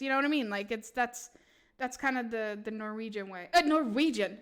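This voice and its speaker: A young woman, streaming tarot readings and chatting with her viewers, laughing often and answering chat in an animated way. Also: a little high, brisk, smooth. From Sweden. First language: Swedish. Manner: giggly, animated, talks back to chat. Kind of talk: casual live-stream chat.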